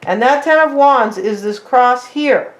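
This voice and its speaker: A woman's voice: on the high side, animated, unhurried. A woman giving a casual tarot reading, chatting straight to her viewers and tagging her lines with "right?" and "like". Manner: talks straight to viewers as "you guys". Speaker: tarot reader.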